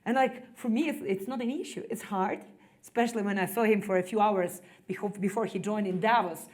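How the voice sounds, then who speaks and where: Earnest Ukrainian-accented woman speaking haltingly. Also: mid-range voice, darkish tone. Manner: halting non-native English, frequent "like" fillers, earnest. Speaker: executive director speaking to an audience. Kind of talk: personal testimony, conversational speech.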